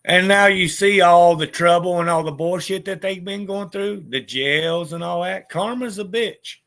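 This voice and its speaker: Bitter, foul-mouthed man with a slightly high voice. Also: normal speed, creaky, a bit bright. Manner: bitter, heavy swearing, stammered restarts. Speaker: storyteller. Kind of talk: casual spoken monologue.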